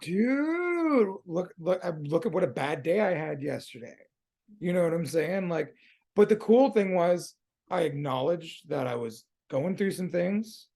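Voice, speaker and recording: Laid-back gravelly man hosting a podcast. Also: on the high side, normal speed, mellow. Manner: laid-back, slangy, swears freely. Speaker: podcast host. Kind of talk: casual conversation.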